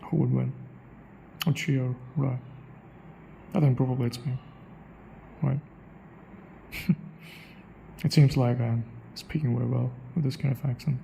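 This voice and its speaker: A man's voice: mid-range voice, fairly even intonation, a little slow, vocal fry, pauses often, warm tone, slight background noise, low-quality recording. A young man thinking aloud in a casual monologue, repeating phrases as he tries out a way of speaking. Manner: muses aloud, repeats phrases to try them out. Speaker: accent practice vlogger.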